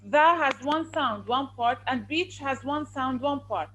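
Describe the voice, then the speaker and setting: A woman's voice: high voice, measured pace, a bit bright, slight background noise, poor audio. A woman teacher, patiently explaining and counting syllables aloud in a classroom.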